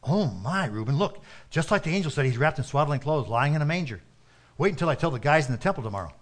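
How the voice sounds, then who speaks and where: A man voicing an eager male shepherd in a spoken story, tumbling over his words with excitement. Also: fairly high pitch, unhurried, voice pushed up, close to an everyday voice. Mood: excited.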